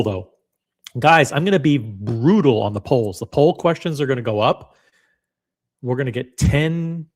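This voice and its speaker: Man, livestream host, casual chat, blunt, self-deprecating, mid-pitched. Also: a little mellow. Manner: blunt, chatty, reads viewer comments aloud. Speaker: livestream host reacting to watch predictions.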